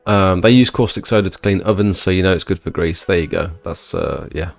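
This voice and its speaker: A young man hosting a live stream, reading chat and chatting in a laid-back, low-energy way. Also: brisk, creaky, no echo, soft background music. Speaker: livestream host reading chat.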